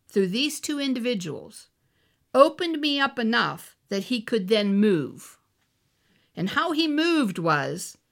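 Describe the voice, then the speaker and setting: A woman shares a personal testimony in sermon form. Her voice sits a little high, with a gravelly fry running through it. She tells the story earnestly and acts out the voices of the people in it. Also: fairly bright tone. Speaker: minister.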